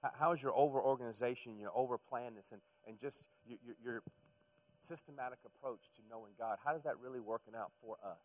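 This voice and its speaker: A middle-aged man delivering a sermon in a mid-range voice. He talks conversationally, sinking to near-hushed lines and then climbing into loud, emphatic runs. He stumbles over and repeats his words as he presses his points. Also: mid-range voice, quick pace, rough recording. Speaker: pastor.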